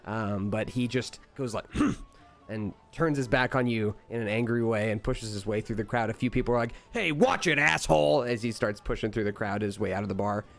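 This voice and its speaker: Relaxed male game master. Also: on the low side, fairly quick, soft background music. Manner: relaxed, laughing, with fillers. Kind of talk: narrating a tabletop game.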